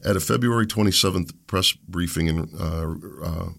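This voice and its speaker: A middle-aged man hosting his own podcast, rambling and animated, mocking his opponents in put-on voices. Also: sits low, normal speed, creaky. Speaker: podcast host. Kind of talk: opinion podcast monologue.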